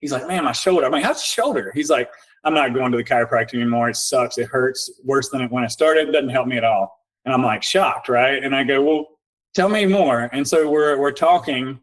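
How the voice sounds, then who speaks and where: A man, a nervous system coach guest on a podcast, telling client stories in a lively way, acting out both sides of the talk and slowing down for guided instructions. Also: mid-range voice, poor audio. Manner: animated storyteller acting out both sides of conversations; slow, guiding coaching instructions. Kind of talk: casual storytelling in a podcast interview.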